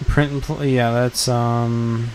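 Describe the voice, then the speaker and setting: A man's voice: medium pitch, level tone, takes it slowly, a little mellow, a little hiss or hum. A man hosting a casual live stream, rambling with many fillers as he reacts and reads chat. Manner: rambling, filler-heavy, enthusiastic. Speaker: streamer host.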